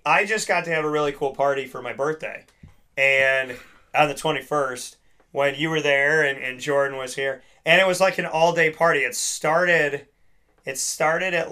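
A man's voice: a little high, pushed and bright. A man hosting a casual podcast chat, rambling with many restarts and fillers. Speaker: podcast host.

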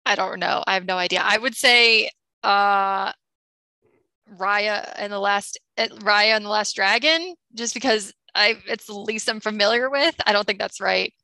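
A woman playing a quiz game, hesitant and thinking out loud as she guesses. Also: medium pitch, a little slow, creaky, no echo. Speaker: quiz contestant. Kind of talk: casual game chat.

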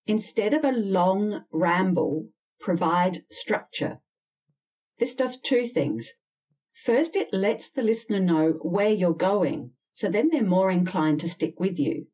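A woman's voice: mid-range voice, lively intonation, slow pace, mellow, husky, far from the mic. A woman coaching people on job interviews, giving direct, emphatic, candid advice in an instructional talk. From Australia.

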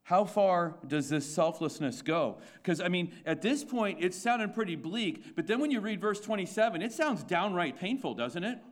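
A man's voice: sits high, expressive, moderate pace, hardly any pauses. A male pastor preaching a sermon to his congregation, asking rhetorical questions, repeating his points and restarting phrases as he goes.

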